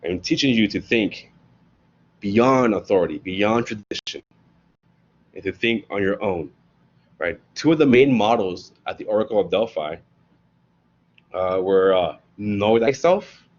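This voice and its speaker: A man giving a casual classroom lecture as a professor, telling the story in slangy, animated bits and often asking "right?". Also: lowish voice, a little slow, long pauses, highs cut off.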